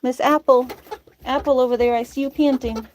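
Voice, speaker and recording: A woman's voice: high-pitched, fairly even intonation, brisk, darkish tone, slight background noise. A young woman chatting casually in a chicken coop, laughing often and cooing at her birds. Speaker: vlogger tending chickens. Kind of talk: casual chat. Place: backyard chicken coop at night. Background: chickens clucking.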